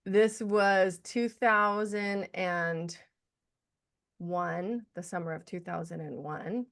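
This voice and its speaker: A woman hosting a podcast, telling stories in an enthusiastic, animated way. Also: fairly low pitch, slow pace. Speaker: podcast host. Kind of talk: casual interview talk.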